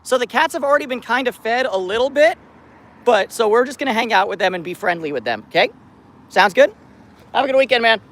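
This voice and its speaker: A man vlogging outdoors on a city street about the cats he looks after, chatting casually to the camera and greeting the cats in a high sing-song voice. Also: animated, fairly quick, a bit bright. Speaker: vlogger caring for a street cat colony. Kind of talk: casual vlog talk to camera.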